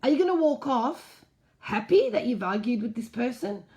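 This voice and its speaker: A woman's voice: fairly high pitch, lively intonation, normal speed, warm tone. A woman hosting a casual live stream, reading out viewer comments and answering them frankly. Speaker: host.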